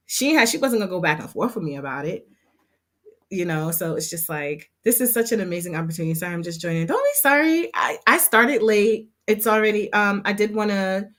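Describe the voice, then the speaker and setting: On a casual livestream, a mid-range-voiced woman teaches as a hair program instructor, chatting warmly and expressively from the heart.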